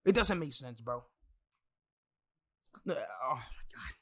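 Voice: mid-range voice, sing-song, slow. A wrestling fan in a casual, profane rant full of exasperated asides and heavy swearing.

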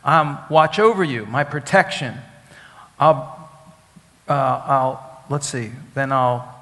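A man's voice: mid-range voice, slow pace, a bit bright. A man preaching a sermon as a rabbi, teaching Hebrew words, asking the congregation questions and repeating key phrases for emphasis. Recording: long hall reverb.

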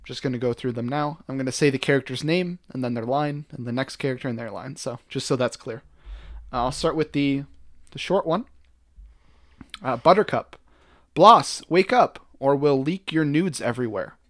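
A man's voice: medium pitch, brisk, no echo, studio quality. A young man co-hosting a podcast, talking in a joking, rambling way with many fillers. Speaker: podcast co-host. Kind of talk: casual chat.

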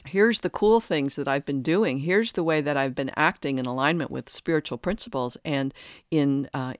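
Podcast host, mid-pitched voice, earnest and searching, reflective monologue, dry close recording. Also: no room sound. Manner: earnest, searching, many restarts.

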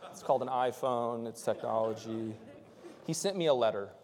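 A male pastor preaching a conversational sermon, swinging from loud, impassioned stretches to soft, intimate ones. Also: medium pitch, moderate pace, big-room sound, a crowd in the background.

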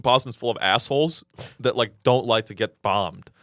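A man's voice: mid-range voice, normal speed, fairly bright tone, no room sound, studio quality. A young man co-hosting a podcast in casual chat, cracking sarcastic jokes and cutting in. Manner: joking, interjecting, sarcastic. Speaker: podcast co-host. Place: studio.

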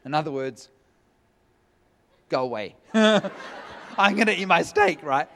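A man preaching, telling a humorous personal story with lively, joking delivery. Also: high voice, unhurried, a little hiss or hum. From California. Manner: animated, jokey storytelling with laughs. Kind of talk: sermon storytelling.

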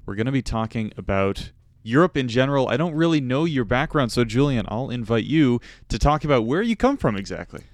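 A man hosting a radio music show, announcing and interviewing in a steady, scripted way. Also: mid-range voice, fairly quick, few pauses, no room sound. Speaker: radio host.

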